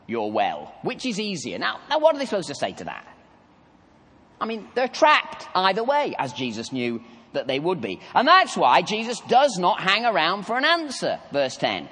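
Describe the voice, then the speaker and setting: Animated male preacher in a reverberant hall. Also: sits high, normal speed, breathy edge. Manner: animated storytelling, conversational asides to the congregation. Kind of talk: sermon.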